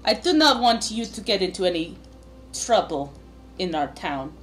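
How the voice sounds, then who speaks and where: A woman voicing a stern, menacing man with a monstrous arm, speaking slowly and coldly in a tabletop game. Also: lowish voice, big pitch swings, faint music behind.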